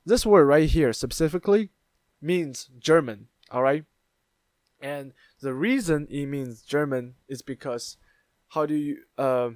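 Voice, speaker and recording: On his channel, a man offers casual meme commentary, walking through internet memes in a loose style full of fillers and false starts. He speaks in a mid-range voice, captured in a dry recording.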